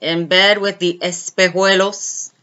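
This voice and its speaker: Woman livestreamer, chatty storyteller, bright tone, slightly low pitch, dull recording. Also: flat delivery, unhurried, smooth. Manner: chatty, answers viewer comments mid-story. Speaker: live stream host. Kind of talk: casual storytelling chat.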